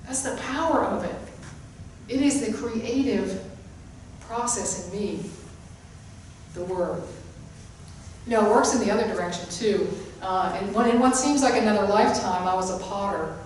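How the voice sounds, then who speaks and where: A woman's voice: mid-range voice, a little hiss or hum. A woman giving a sermon-style spiritual talk, emphatic and repeating her key phrases. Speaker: spiritual teacher. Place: hall of a spiritual center. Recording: echoey room, mic at a distance.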